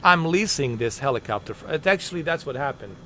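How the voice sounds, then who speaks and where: A man's voice: on the high side, lively intonation, fast talker, sharp tone, a little hiss or hum. A man livestreaming a flight game, rambling in an exasperated, joking way and muttering asides under his breath. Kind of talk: casual gaming commentary.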